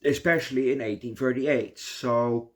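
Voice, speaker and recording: Young Dutch-accented man, casual rambling movie reviewer, swears freely, medium pitch. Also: fairly even intonation, unhurried. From Netherlands. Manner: rambling, swears a lot, says "yo" often.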